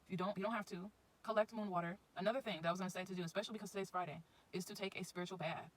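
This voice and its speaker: A woman's voice: mid-range voice, steady tone, rapid-fire, rough recording. A woman giving casual spiritual advice in a chatty, informal vlog, often circling back to her points. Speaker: astrology vlogger.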